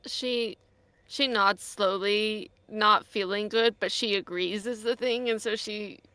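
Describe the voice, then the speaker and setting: Slow-talking woman describing her character. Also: mid-range voice, fairly even intonation, bright, forceful tone, dry recording. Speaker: player. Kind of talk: narrating her character's actions.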